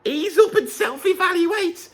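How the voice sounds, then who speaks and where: A man voicing a shrill, indignant young male fan commenter in a high falsetto with a Birmingham accent. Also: expressive, unhurried. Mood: scornful. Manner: indignant, self-important.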